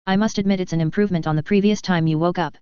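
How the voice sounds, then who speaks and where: A woman's voice: on the low side, fairly even intonation, racing, a little mellow, clear, resonant tone, no room sound, lightly acted. A woman reading fan fiction aloud, voicing an exhausted, sardonic young male wizard with a clipped, dry drawl, on a dull lo-fi recording. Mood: dry, prickly.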